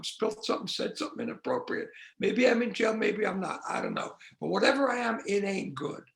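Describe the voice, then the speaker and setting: A man's voice: high voice, creaky, a bit bright, reverberant. A man speaking at a recovery meeting, telling his story candidly and with self-mockery, using rhythmic repetition and acting out the voices in his head. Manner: acts out inner voices and dialogue.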